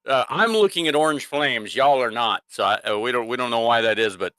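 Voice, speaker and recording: Co-host guy, bright crisp voice, easygoing, kinda halting, dry sound. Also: medium pitch, no echo. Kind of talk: casual livestream chat.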